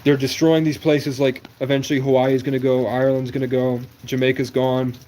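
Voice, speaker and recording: A man's voice: mid-range voice, flat delivery, brisk, dark tone, a little hiss or hum. A man in his twenties from New England, talking in a rambling livestream monologue that jumps from one conspiratorial topic to the next. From New England, USA. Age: 20s.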